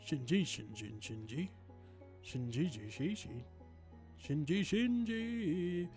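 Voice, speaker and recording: A man voicing a grumpy, tired male passenger who mumbles in a deep, heavy voice. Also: lively intonation, slow pace, a little mellow, faint music behind. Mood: grumbling.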